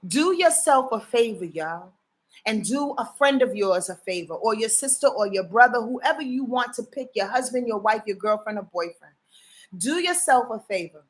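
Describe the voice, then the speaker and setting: A woman's voice: on the high side, lively intonation, normal speed. A woman astrologer talking casually on a live stream, emphatic and preachy, swearing freely and often checking that her listeners follow her. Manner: emphatic, profane and preachy, often asks the audience to confirm.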